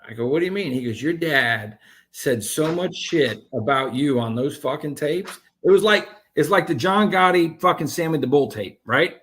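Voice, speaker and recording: A man telling his own story as an interview guest, animated and profane, with many restarts. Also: fairly high pitch, normal speed.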